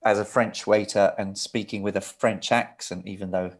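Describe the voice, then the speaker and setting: A man's voice: on the low side, fairly even intonation, normal speed. A middle-aged man from England, a record producer, telling his family history as a guest in a casual interview, rambling and restarting sentences. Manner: rambling, anecdotal, frequent restarts.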